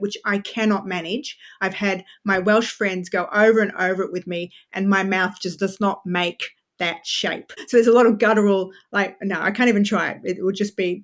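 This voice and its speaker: Chatty woman author explaining history. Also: medium pitch. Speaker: author guest. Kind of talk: podcast interview.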